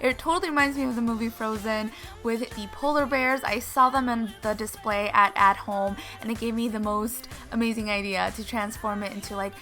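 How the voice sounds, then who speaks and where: A woman's voice: fairly high pitch, fairly even intonation, a little fast, pushed and bright. A young woman vlogging casually, gushing and chatty as she talks to her viewers. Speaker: lifestyle vlogger. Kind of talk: casual vlog narration. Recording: faint background music.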